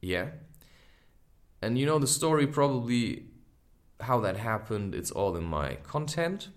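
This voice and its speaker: A man in his thirties talks through a personal story on his podcast. His pitch rises and falls a lot as he speaks. He sounds reflective and candid, often pausing for small asides. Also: sing-song. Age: 30s. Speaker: podcast host.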